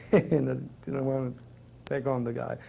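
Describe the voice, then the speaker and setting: Gravelly man with a French accent. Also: mid-range voice, level tone, unhurried, mellow. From Provence, France. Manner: earnest, rambling, emotional. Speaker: interview guest. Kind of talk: personal storytelling.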